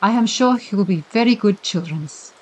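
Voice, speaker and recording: A woman reading the part of a prim French governess with a shrill French accent and broken English. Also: lively intonation, moderate pace, slightly rough, poor audio. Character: French governess, prim, brisk, then softening.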